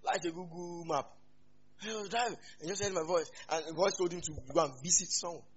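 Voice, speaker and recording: A man with a Nigerian accent preaching a sermon as a pastor, animated, with sudden loud rises. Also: high-pitched, fairly quick, highs cut off, a little hiss or hum.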